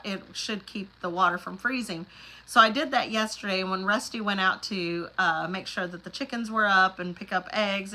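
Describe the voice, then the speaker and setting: A middle-aged livestream host from the Oklahoma Panhandle chats casually and reads out viewer comments, laughing frequently and drifting into asides. Over poor audio, her mid-range voice comes across pushed and bright.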